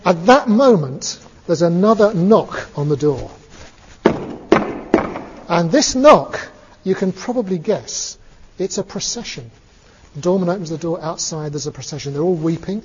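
Man, Buddhist teacher, relaxed storyteller, lo-fi with reverb. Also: high-pitched, a little slow, pauses often, slight background noise. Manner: relaxed, chuckling, many fillers. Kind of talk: storytelling talk. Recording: dull lo-fi recording, long reverb.

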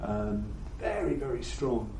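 An older man gives a reflective dharma talk to a gathered audience, speaking at a mid pitch. His delivery is halting and thoughtful, with frequent repeated words as he feels for the right phrasing. The room adds a roomy echo, and there is a faint background hiss. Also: very animated, mellow. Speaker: Buddhist teacher giving a talk.

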